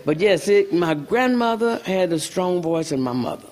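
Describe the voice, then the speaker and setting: An older woman singer, a guest in an interview, telling animated stories with a gravelly voice and frequent laughter. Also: lowish voice, normal speed. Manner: laughs often, breaks into sung snippets. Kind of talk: animated storytelling.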